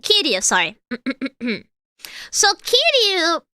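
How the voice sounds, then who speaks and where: Young woman, high voice, bright tone, dry close sound, chatty reaction streamer. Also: huge pitch swings, extremely slow, no echo. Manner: chatty, explains singing and demonstrates lines. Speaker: streamer and voice actor. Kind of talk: casual reaction stream chat.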